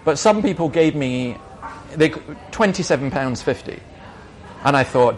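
Middle-aged minister guy, a bit high voiced, answering questions, emphatic, tells stories. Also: animated, a little slow, soft background music. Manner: emphatic, argumentative, anecdotal.

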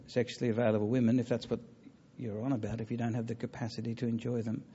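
A man giving a public talk on religion and taking audience questions, earnest and halting, with many fillers and restarts. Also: medium pitch, level tone, mellow, slightly rough, muffled recording. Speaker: lecturer on religion.

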